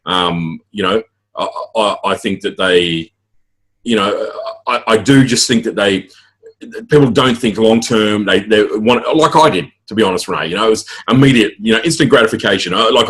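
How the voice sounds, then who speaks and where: A middle-aged Australian man talks at a rapid clip, his voice a little husky and rough. He rambles through his stories with plenty of fillers and restarts, a guest in a relaxed interview chat. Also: lowish voice. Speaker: author and guest.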